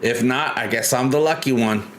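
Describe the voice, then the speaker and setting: A man's voice: medium pitch, moderate pace, a bit bright, a little hiss or hum. Chatty man hosting a live stream. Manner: chatty, reads chat aloud, loose and rambling. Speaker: livestream host. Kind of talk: casual live-stream chat.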